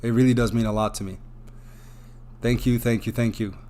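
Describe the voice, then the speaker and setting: A male livestream host reads out super chats and thanks each viewer again and again. His voice sits at an ordinary middle pitch. He sounds effusive and openly emotional. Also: steady tone, brisk, warm tone. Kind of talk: live stream chat, reading super chats.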